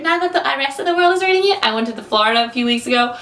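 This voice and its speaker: A woman in her twenties telling a casual vlog story, excitable and animated as she acts out her own reactions. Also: on the high side, rapid-fire, echoey room. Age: 20s. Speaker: vlogger.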